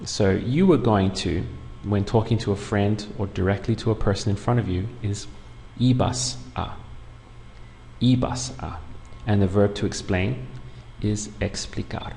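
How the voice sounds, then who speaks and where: Gravelly-voiced man teaching a language lesson. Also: lowish voice, a little slow, dark tone. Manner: patient, clear step-by-step explaining. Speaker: Spanish teacher. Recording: long room reverb, faint background noise.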